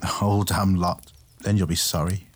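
A man's voice: on the low side, a little slow. An actor playing a blunt, troubled male warrior captain in an audio drama. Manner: blunt and gruff.

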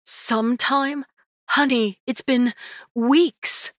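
A woman's voice: sits high, fairly even intonation, extremely slow, no echo, clean studio sound, voice pushed up. A woman doing a fretful, doting mother. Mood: worried. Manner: fretful, pleading and affectionate. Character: worried, doting older mother.

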